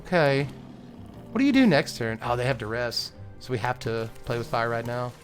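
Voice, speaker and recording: Young guy talking thru his card game, gets worked up n groans at bad draws, mid pitch, bit of music behind. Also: very animated, moderate pace. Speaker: gaming content creator. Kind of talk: live gameplay commentary.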